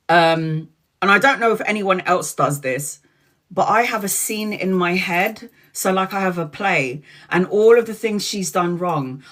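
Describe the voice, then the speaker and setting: A woman hosting a tarot live stream, telling stories casually and bluntly, swearing freely, laughing often and acting out the dialogue. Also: mid-range voice.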